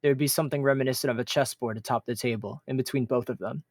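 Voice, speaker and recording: Man, game-master narrator, steady third-person delivery, dry sound. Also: mid-range voice, very fast, dry recording. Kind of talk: narrating a tabletop-style role-play.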